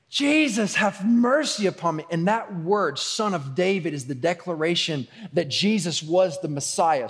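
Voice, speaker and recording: A pastor with a high-pitched voice preaches in a loose, conversational style, moving between soft asides and raised emphasis. The recording carries a long hall reverb.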